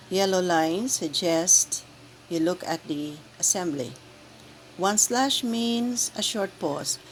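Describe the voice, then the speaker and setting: A woman guiding church lectors through the Sunday readings, speaking in a slow, deliberate, carefully enunciated way. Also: lowish voice, a little hiss or hum, low-quality recording. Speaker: lector trainer. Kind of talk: instructional reading guide.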